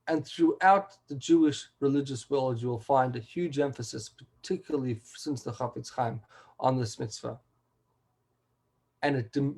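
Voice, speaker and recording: A man's voice: medium pitch, a little mellow, poor audio. A man, a rabbi, giving a weekly Torah class over a video call, earnest and emphatic and sprinkling in Hebrew terms.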